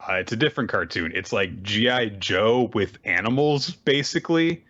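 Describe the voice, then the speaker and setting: A man co-hosting a casual manga recap podcast, retelling chapters with animated jumps into high character voices and frequent laughter. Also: normal speed, highs cut off. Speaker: podcast co-host.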